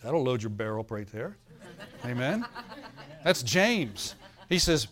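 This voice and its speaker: A man's voice: mid-range voice, very animated, a little slow, long pauses, fairly bright tone. Preacher man calling out amens. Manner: storytelling preacher, calls for amens, laughs often. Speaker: pastor. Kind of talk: sermon.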